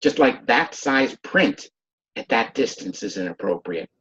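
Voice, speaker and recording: This hearing specialist, who works with hearing-aid patients, is teaching an online video class, and the call audio comes through dull and muffled. His lecture is informal and full of acted examples in which he plays patients and their families. He sounds animated and fairly bright at medium pitch, keeping a measured pace.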